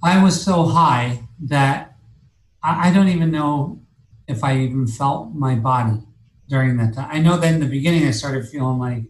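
A man's voice: mid-range voice, normal speed, roomy sound, poor audio. A man telling a long personal story as an interview guest, rambling and cursing, with many fillers and restarts. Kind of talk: casual storytelling.

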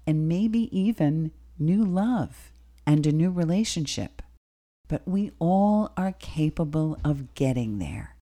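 Slow, low-voiced woman radio host. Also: mellow. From Bronx, New York. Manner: slow, deliberate, advising. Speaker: radio talk show host. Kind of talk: talk radio advice monologue.

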